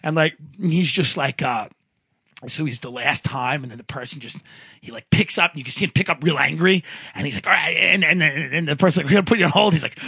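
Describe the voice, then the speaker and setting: A man rambles through comic stories on a podcast, slipping into quick impressions of the people in them. His voice is bright and a little husky. The sound is dry and close. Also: on the high side, dry recording. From Long Island. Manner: rambling storyteller, acts out characters in quotes. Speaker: podcast host. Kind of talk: casual comedic chat.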